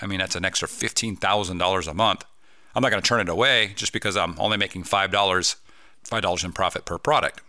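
A man's voice: deep voice, gravelly, bright, forceful tone, dry recording, clean studio sound. A man hosting a podcast, talking casually and upbeat, often asking listeners rhetorical questions. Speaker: podcast host. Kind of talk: casual solo podcast talk.

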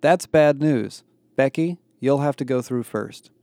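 A man's voice: medium pitch, measured pace, vocal fry, dark tone, no echo, pitched above the performer's own voice. A man voicing a sarcastic teenage boy with a bitter, dry delivery.

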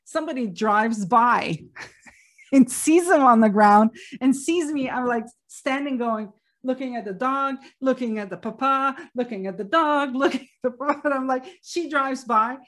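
Middle-aged woman telling a story, kinda high voice, chatty, laughs a lot, lots of "like". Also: normal speed. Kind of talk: casual personal storytelling.

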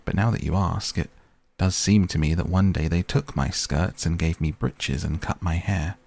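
A man's voice: low voice, normal speed, gravelly. Wistful ghost child, whispered sorrow, storybook, read by a man. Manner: hushed, wistful, old-fashioned speech. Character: sad faint ghost child from long ago.

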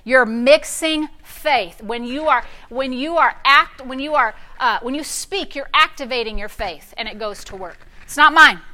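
A woman pastor preaching a lively sermon, repeating declarations aloud and directing a live demonstration in a church. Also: sits high, measured pace, few pauses. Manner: animated, calls out and repeats declarations.

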